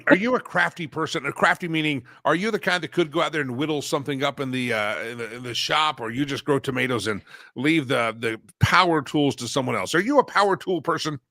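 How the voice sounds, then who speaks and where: A man hosting a talk show, telling stories in a lively, animated way with frequent laughs and sudden loud bursts. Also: a little high, brisk, dry recording, studio quality. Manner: animated storyteller, laughs often, swings loud. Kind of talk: casual talk show banter.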